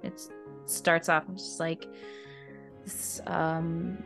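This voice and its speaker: A woman narrating a tabletop role-playing game as game master, telling the scene in an unhurried, expressive way. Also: low-pitched, vocal fry, over music.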